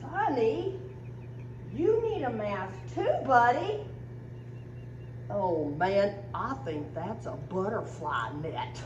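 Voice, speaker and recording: Woman, playful skit host, slow and drawn out, echoey dull sound. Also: mid-range voice. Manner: animated, teasing, talks to stuffed toys. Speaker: community video host. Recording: echoey, dull, faint background noise.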